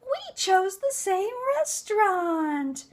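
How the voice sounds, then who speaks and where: A woman mimicking a shrill, bossy mother-in-law. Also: very animated, takes it slowly, full character voice. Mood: gushing.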